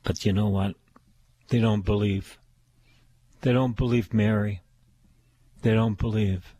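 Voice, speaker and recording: An older man preaching a sermon, slow and emphatic, repeating his phrases. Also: on the low side, steady tone, mellow, breathy edge, no room sound.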